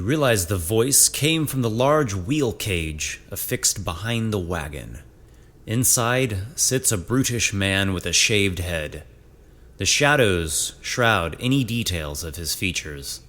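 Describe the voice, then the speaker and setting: A man narrating a tabletop adventure as game master in a measured storytelling manner. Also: fairly low pitch, expressive, a bit bright.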